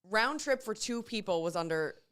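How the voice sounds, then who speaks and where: A woman from New Jersey co-hosting a morning radio show, chatting casually and telling animated stories. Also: medium pitch, moderate pace, smooth.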